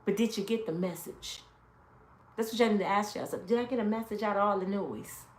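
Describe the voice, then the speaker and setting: A woman's voice: mid-range voice, a little fast. Woman, middle-aged, emphatic storyteller, preachy live stream, roomy echoey home room. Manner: emphatic, storytelling, talks straight to viewers. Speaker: motivational speaker. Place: home, with kids in and out.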